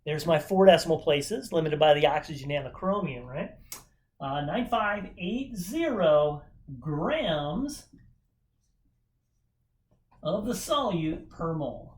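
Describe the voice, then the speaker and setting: A man's voice: a little high, animated, slow pace, long pauses, darkish tone. A man teaching a chemistry lesson in a casual, upbeat way, often checking in with rhetorical questions. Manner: upbeat, chatty, asks frequent rhetorical questions. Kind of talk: informal recorded chemistry lesson.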